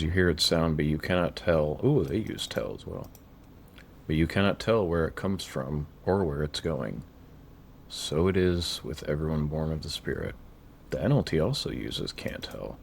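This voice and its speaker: Man, very low voice, unhurried, dryly opinionated Bible study, faint typing behind. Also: expressive, creaky, a little hiss or hum. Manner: deliberate, dryly opinionated, slows to read verses aloud. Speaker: Bible study video creator. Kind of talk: screen-share Bible word study.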